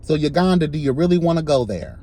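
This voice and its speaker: A man giving an impassioned, sassy commentary rant, swinging between soft asides and loud emphatic outbursts. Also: on the high side, big pitch swings, quick pace.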